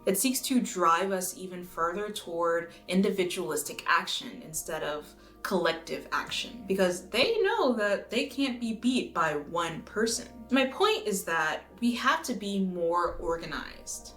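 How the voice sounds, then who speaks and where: A woman from the United States reading a scripted video essay in an earnest, measured way, now and then swearing for emphasis. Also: fairly low pitch, expressive, fairly bright tone. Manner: earnest, measured, occasionally profane. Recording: roomy echo with faint music.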